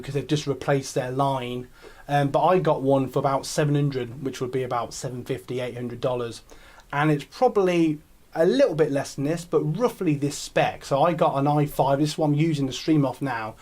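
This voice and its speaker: A man's voice: a little high, a little mellow. An English man hosting a casual live stream, chatting in a rambling way with many ums and restarts. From England. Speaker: YouTube channel host. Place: home streaming setup.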